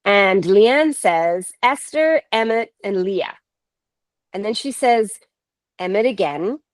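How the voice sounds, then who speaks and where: Casting: woman, 30s, from Canada, unhurried animated storyteller, dry close sound. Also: medium pitch, dry recording. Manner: animated, laughs often, quotes others. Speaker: paranormal investigator guest. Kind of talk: casual storytelling.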